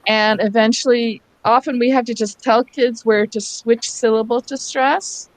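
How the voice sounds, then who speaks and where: Over a video call, a woman runs a reading workshop for teachers, patiently breaking words into syllables. Her fairly high voice holds a steady tone at a normal pace.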